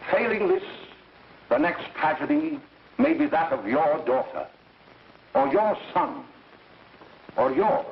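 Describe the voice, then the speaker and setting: An actor playing a stern lecturer who solemnly warns parents, in 1930s film acting, recorded as echoey, dull and hissy 1930s film sound. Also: male voice, on the high side, huge pitch swings, takes it slowly, creaky, pauses often, heavily acted. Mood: grave warning. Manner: solemn, preachy, pointing at listeners. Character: stern older male lecturer, preachy and grave.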